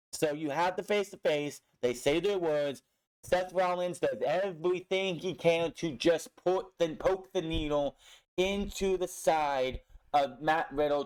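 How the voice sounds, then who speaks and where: Blunt, swearing young man recapping wrestling. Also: fairly high pitch. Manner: blunt, frustrated, swears a lot. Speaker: wrestling show reviewer. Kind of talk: casual recap with profanity.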